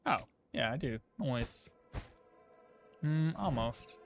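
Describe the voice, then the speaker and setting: A man's voice: medium pitch, animated, takes it slowly, soft background music. A man giving casual gameplay commentary, thinking aloud, chuckling often and answering chat as he plays. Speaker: streamer playing a game.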